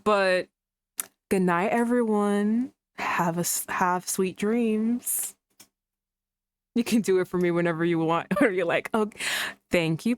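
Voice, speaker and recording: A woman's voice: medium pitch, smooth. A woman streaming a visual novel late at night, tired, giggling and swearing casually, with lots of "like" and "um" fillers. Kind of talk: casual live-stream commentary while playing a visual novel.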